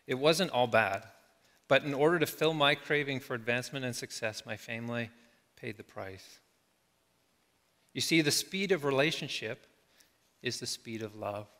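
A middle-aged man preaching a sermon as a pastor, reflective, slowing down and letting his phrases trail off softly. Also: medium pitch. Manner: reflective, slow with soft trailing endings. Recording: long hall reverb.

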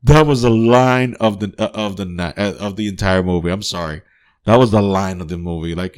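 Low-voiced man rambling through a film review. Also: brisk, smooth. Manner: loose and profane, with frequent fillers and restarts; laughs often, enthusiastic. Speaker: podcast host reviewing a film. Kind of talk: casual spoken review.

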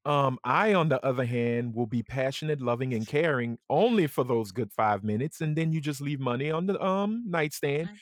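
A man's voice: mid-range voice, moderate pace, few pauses, no echo, clean studio sound. A young man co-hosting a podcast in casual chat, teasing and joking with crude banter. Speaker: podcast co-host.

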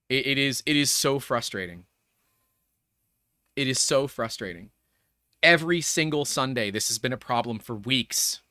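A man's voice: mid-range voice, lively intonation, bright, forceful tone, no room sound, clean studio sound. Tense, upset male live streamer. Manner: halting, stammering restarts and heavy sighs. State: upset and anxious. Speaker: live streamer and show host. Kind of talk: live-streamed tech talk.

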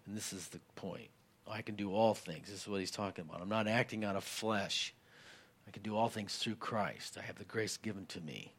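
Guy preaching a sermon, kinda low voice, chatty with lots of "you know", gets louder reading verses. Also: brisk, husky. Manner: conversational preaching, many fillers, rising intensity when reading scripture. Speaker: pastor.

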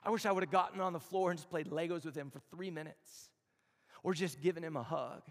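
Give me a man preaching in a reverberant hall, with a gravelly voice and a conversational, storytelling style. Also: on the high side. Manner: storytelling, conversational, with slow emphatic phrases. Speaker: campus chapel speaker. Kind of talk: sermon.

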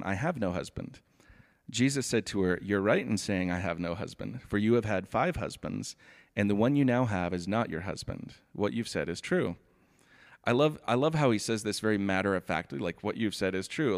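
Male pastor, lower voice, sermon delivery, steady reading mixed with casual asides. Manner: reads scripture steadily, then comments in a relaxed, chatty way with "like".

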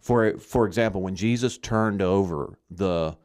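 A man's voice: low voice, unhurried, a little mellow. A man from Arkansas giving earnest, emphatic Christian teaching in conversation, often checking in with "okay?".

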